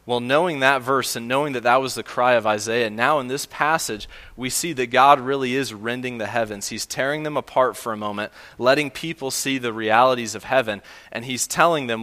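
A man's voice: mid-range voice, brisk, hardly any pauses, bright, forceful tone, long reverb tail. A man preaching a sermon to a congregation, earnest and emphatic, with frequent fillers and restarts. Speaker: pastor.

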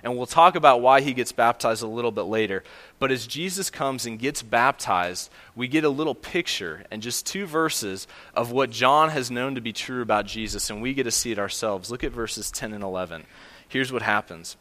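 A man's voice: mid-range voice, animated, moderate pace, a bit bright, long reverb tail. A man preaching a sermon to a congregation, earnest and emphatic, with frequent fillers and restarts. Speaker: pastor.

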